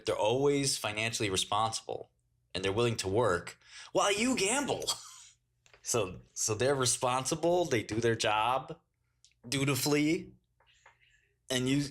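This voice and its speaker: A man's voice: medium pitch, fairly bright tone. A man hosting a casual livestream, telling crude slangy stories and laughing often. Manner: slangy storytelling. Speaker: livestream host.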